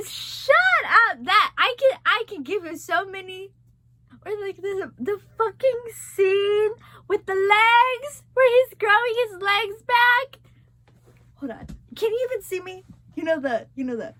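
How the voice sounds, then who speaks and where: Young woman, high voice, swoops all over, gushing, swears a lot, casual vlog chat. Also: expressive, a little slow, bright, forceful tone, no room sound. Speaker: vlogger.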